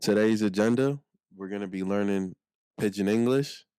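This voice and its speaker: A man with a Nigerian accent teaching a casual language lesson, slowing down to say phrases for the listener to repeat. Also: on the low side, dark tone, clean tone, no echo, studio quality. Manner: slows down to model phrases for repeating.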